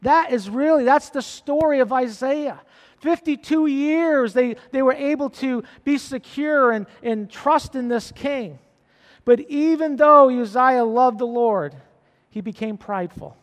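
A male pastor with a very high, light voice delivers an impassioned sermon. His words ring out with a long hall reverb behind them. He drifts between hushed asides and chanted, rising praise. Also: unhurried. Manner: impassioned, rises to chanting and shouting.

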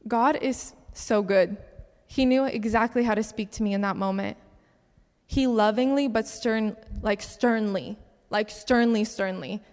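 A young woman giving an animated personal testimony at a church gathering. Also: medium pitch, measured pace. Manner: animated storytelling with laughs. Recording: long hall reverb.

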